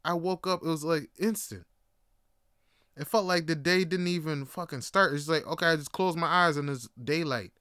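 A man's voice: fairly high pitch, normal speed, bright, forceful tone, clean tone, dry recording, clean studio sound. A man hosting a podcast, telling stories casually and animatedly, swearing freely and repeating words as he goes. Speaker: podcast host. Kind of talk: casual storytelling.

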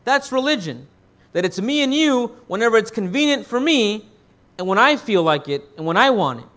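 A man's voice: high voice, sing-song, normal speed, a bit bright. A man preaching a sermon as pastor. He asks the congregation questions and answers them himself, rephrasing as he goes. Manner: rephrases and restarts mid-thought.

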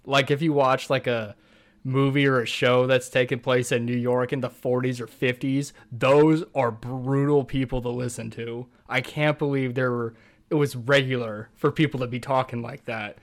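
A man co-hosting a podcast, chatting casually in a relaxed, hesitant way and swearing now and then. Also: mid-range voice, normal speed. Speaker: podcast co-host. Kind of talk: casual chat.

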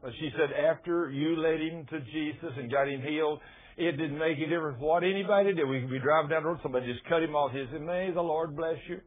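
A man's voice: fairly high pitch, fast, husky. A middle-aged man, preaching a sermon and telling stories, acting out the dialogue in a folksy way. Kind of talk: sermon with storytelling. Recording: tinny phone-like radio broadcast.

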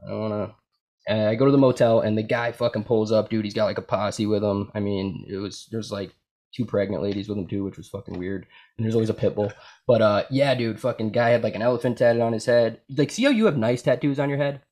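A man's voice: lowish voice, fast talker, a little mellow. A man hosting a podcast in casual chat, swearing constantly and calling people "dude" and "man". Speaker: podcast host.

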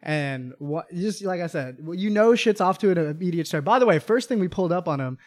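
A high-voiced man, a podcast co-host, tells a story in casual chat at a fairly quick pace. He's an animated storyteller who acts out the quotes.

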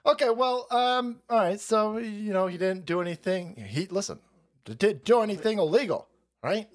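A man's voice: high-pitched, expressive, normal speed. A man hosting a livestream, reacting to clips with crude, mocking commentary and frequent laughter. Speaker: streamer host.

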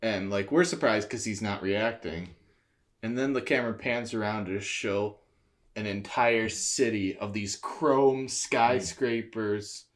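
A man co-hosting a podcast, rambling through a movie pitch with many fillers and some swearing. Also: slow pace. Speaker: podcast co-host. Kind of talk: casual chat.

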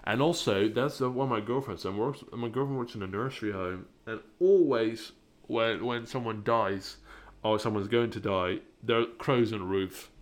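Rambling young man, low voice. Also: normal speed, hardly any pauses. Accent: British-leaning English, non-native. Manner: rambling, many restarts and fillers. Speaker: podcast host. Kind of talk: solo podcast monologue.

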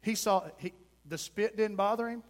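High-voiced impassioned preacher. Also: male voice, moderate pace, long reverb tail. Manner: impassioned, swings between loud and hushed. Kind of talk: sermon.

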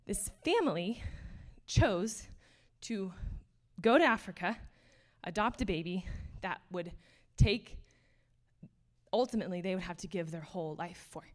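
A woman's voice: lowish voice, lively intonation, unhurried, long pauses. Earnest young woman preaching a sermon. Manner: earnest, casual, many fillers, laughs between points. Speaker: speaker.

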